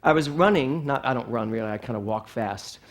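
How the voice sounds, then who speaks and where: A middle-aged man preaching a sermon in a playful, animated way, often asking the congregation questions. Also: mid-range voice, a little fast. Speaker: minister. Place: spiritual center with congregation.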